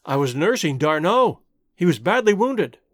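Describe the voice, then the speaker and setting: A proud jungle hero, firm and intense, with a high, lively voice, as a male narrator does him. Each line is delivered close to the mic in a dry, closely miked read. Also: normal speed, dry recording. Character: strong, proud jungle man, intense and direct. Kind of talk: audiobook character voice.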